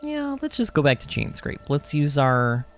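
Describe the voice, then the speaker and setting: A man hosting a gaming livestream, chatting in a rambling, animated way, reading chat and laughing often. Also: on the high side, normal speed. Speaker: livestream host. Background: game music.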